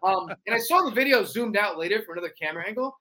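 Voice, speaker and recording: A young man telling stories in a casual chat, animated and quick to slip into wrestler impressions. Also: high-pitched, a crowd in the background. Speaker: cosplayer guest.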